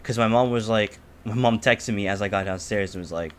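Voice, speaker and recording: A teenage man telling a story on a podcast in casual chat, swearing a lot and acting out the people in it loudly. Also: lowish voice, fairly quick, crowd noise. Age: teens. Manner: animated, profane, acts out quotes loudly. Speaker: podcast co-host.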